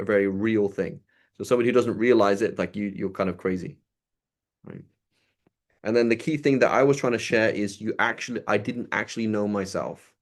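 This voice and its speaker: Low-voiced man giving a casual sermon. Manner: conversational, repeats "right?" often. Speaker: religious teacher. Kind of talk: informal sermon.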